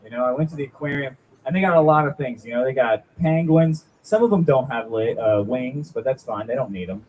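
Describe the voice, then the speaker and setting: A man's voice: mid-range voice, a little fast, few pauses, darkish tone, a little hiss or hum, rough recording. Self-mocking young man doing stand-up. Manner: self-deprecating, rambling, chats with the crowd. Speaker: stand-up comic. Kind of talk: stand-up comedy set. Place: small venue at an open mic.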